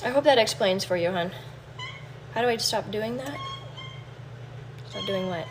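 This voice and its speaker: A woman's voice: mid-range voice, expressive, unhurried, background noise. A woman chatting casually on a livestream from her home kitchen, talking to viewers. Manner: chatty, coos baby talk to her cat. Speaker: livestream host.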